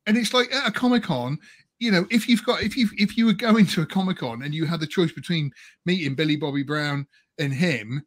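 A man's voice: fairly high pitch, fairly quick. A man co-hosting a casual panel chat, rambling and laughing often. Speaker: podcast co-host.

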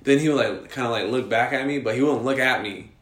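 A young man co-hosting a casual podcast, telling a story with lots of slang and swearing and getting loud and animated at the scary parts. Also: mid-range voice, quick pace. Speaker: podcast co-host. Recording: echoey room.

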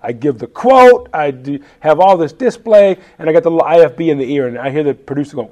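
Animated storytelling man in his 50s. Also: fairly high pitch, fast, few pauses. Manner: animated, laughing, acts out quotes. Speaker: chef, interview guest. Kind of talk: casual interview storytelling.

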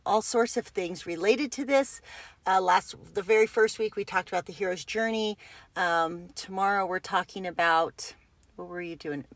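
A woman's voice: mid-range voice, fairly bright tone, no echo. Woman cohost, casual rambly talk, restarts a lot, dry mic. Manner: rambling, restarts and rephrases mid-thought. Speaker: co-host of a personal growth group. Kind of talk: casual podcast chat.

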